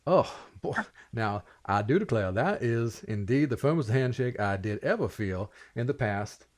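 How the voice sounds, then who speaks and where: A man voicing an older, bald, showy male city lord in a tabletop game, with a loud, grandly polite, folksy put-on Southern drawl. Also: medium pitch, animated, moderate pace, natural voice. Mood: jovial.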